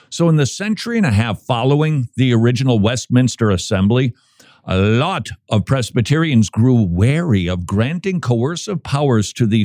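In casual talk radio commentary, this male radio host reads an article on air and keeps interrupting himself with playful quips. His voice is mid-range and darkish, recorded in clean studio quality without echo.

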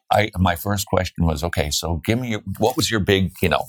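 A man's voice: deep voice, lively intonation, normal speed. A man hosting a radio interview in a casual, teasing way, joking with his guest and telling stories. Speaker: radio host.

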